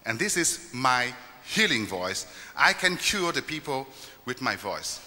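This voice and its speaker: Bright-voiced man on a stage. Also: medium pitch, sing-song. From Vietnam. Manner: halting, playful, counts beats aloud. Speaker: stage performer and musician. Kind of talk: live stage demonstration. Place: stage in a hall before an audience. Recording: echoey hall.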